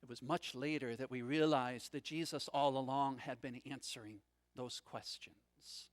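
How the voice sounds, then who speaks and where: A man preaching a sermon as a first-person story, dramatic, swinging from loud passages to hushed, low ones. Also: fairly even intonation, a little slow. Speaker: pastor.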